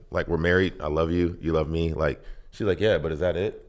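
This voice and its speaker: A man telling personal stories on a podcast in a lively way, acting out both sides of conversations. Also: deep voice, fairly quick. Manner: animated, acts out both sides of dialogue. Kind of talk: casual storytelling.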